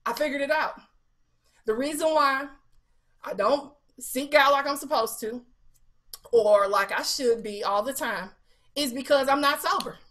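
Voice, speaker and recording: A woman's voice: high voice, a little slow, long pauses. A woman evangelist delivering a sermon at a Bible study, quoting scripture and asking the listeners rhetorical questions in a casual, colloquial way. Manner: animated preaching with scripture quotes and rhetorical questions; casual colloquial speech with fillers.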